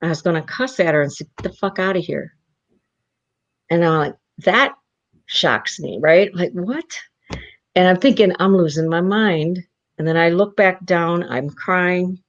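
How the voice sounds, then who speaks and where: A woman's voice: fairly low pitch, normal speed. A woman from South Dakota, a guest on an interview show, telling a personal story and acting out the voices of the people in it. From South Dakota, Rosebud Reservation. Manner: animated storyteller who acts out the voices in her anecdotes. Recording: muffled lo-fi audio.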